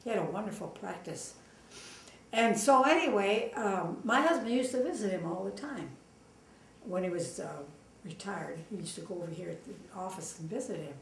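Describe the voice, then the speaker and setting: Older woman, Los Angeles native, oral-history interviewee. Gravelly, animated storyteller; echoey room, off-mic. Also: medium pitch, normal speed, far from the mic, slight background noise. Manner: lively, acts out quoted dialogue with fillers. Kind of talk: casual storytelling.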